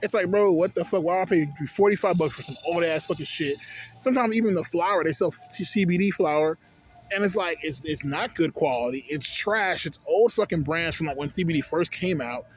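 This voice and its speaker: Profane rambling young man, higher voice. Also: a little fast, husky. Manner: profane, rambling, digressive storytelling. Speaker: vlogger reviewing a vape. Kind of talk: casual rambling product review.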